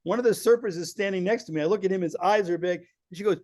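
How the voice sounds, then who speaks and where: A man telling lively travel stories as a podcast guest, acting out the people he quotes. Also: high-pitched, fast talker, hardly any pauses, no echo, clean studio sound. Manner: animated storyteller acting out quoted voices. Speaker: filmmaker guest. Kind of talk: storytelling in a podcast interview.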